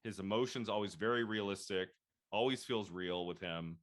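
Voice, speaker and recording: A man in his thirties hosting a casual film discussion, chatty and animated, laughing often as he quotes his own reactions. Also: on the low side, normal speed. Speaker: podcast host.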